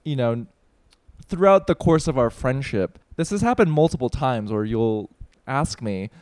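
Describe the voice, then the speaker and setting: A man's voice: mid-range voice, animated, a little slow, a little mellow, no room sound. A young man in casual chat, blunt and teasing, swearing freely and laughing often.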